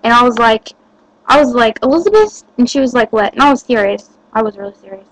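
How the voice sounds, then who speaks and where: A woman's voice: a little high, steady tone, quick pace, no room sound, poor audio. A teenage girl chatting to the camera, giggly and rambling with lots of fillers. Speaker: vlogger. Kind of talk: casual chat to camera.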